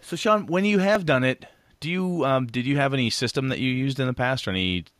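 A man co-hosting a podcast, chatting casually about tabletop gaming in a rambling, animated way with casual swearing. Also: mid-range voice, brisk, no echo, studio quality. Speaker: podcast co-host.

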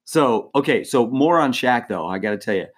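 A man co-hosts a podcast and tells his story loosely, with plenty of fillers, restarts and quick bursts of laughter. His pitch sits in an ordinary middle range, and the delivery stays casual and lively throughout. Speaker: former team mascot, podcast co-host.

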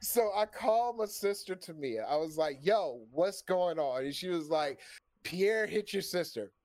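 A man's voice: high voice, normal speed. A man telling a long story in a casual chat, cursing freely and acting out the lines of the people in it. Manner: animated, profane, acts out quoted dialogue.

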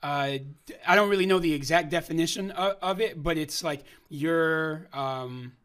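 A man's voice: on the high side, moderate pace, fairly bright tone, clean tone. A man telling a story in casual conversation, acting out the lines of people he met.

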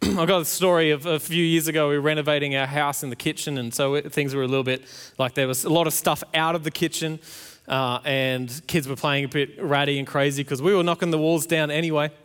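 Man in his 30s, high-pitched pastor, playful storyteller, long hall reverb. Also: steady tone, brisk, fairly bright tone, smooth. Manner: storytelling with playful acted-out quotes. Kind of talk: sermon.

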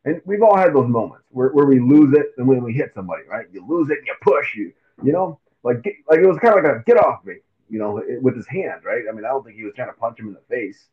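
A man's voice: mid-range voice, fast talker, hardly any pauses. Man on a tinny, phone-like mic. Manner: animated, acts out quotes in silly voices. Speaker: podcast co-host. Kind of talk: casual sports chat.

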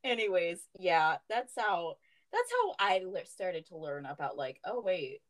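A young woman tells stories in casual chat, her pitch jumping all over. She swears freely and laughs often as she talks. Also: big pitch swings, unhurried, low-quality recording. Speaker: podcast co-host.

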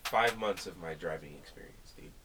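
A man's voice: low voice, moderate pace, sharp tone, slight background noise. A young man guest on a podcast, chatting in a laid-back, slangy way. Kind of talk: casual chat.

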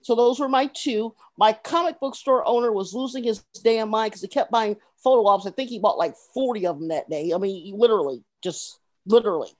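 A woman co-hosting a podcast in casual chat, sharing convention stories with quick asides. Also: mid-range voice, darkish tone. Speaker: podcast co-host.

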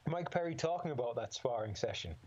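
A man's medium-pitched, expressive, darkish voice moves at a quick pace as he chats casually as a guest about fighting. This amateur MMA fighter rambles, laughs often, and swears without restraint, on slightly dull lo-fi audio.

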